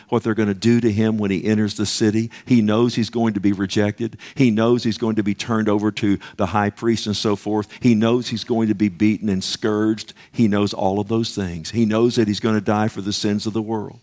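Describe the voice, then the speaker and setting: A male pastor delivers a sermon in an impassioned voice. He calls out to his listeners and drops into a slow, emphatic reading whenever he quotes scripture. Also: fairly low pitch, darkish tone. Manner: impassioned preaching, calls to the congregation; reads scripture slowly and emphatically.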